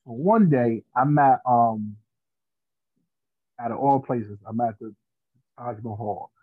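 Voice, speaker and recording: Animated storytelling man, phone-like sound. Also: medium pitch, takes it slowly, no room sound. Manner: animated, laughing storyteller with street slang. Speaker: podcast guest. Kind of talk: casual storytelling. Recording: dry tinny phone-like sound.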